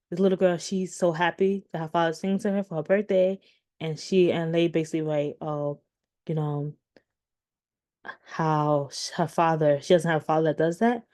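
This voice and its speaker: A woman's voice: lowish voice, dark tone. A woman in her thirties giving casual commentary to her viewers, rambling with many restarts and fillers. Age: 30s. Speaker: commentary vlogger.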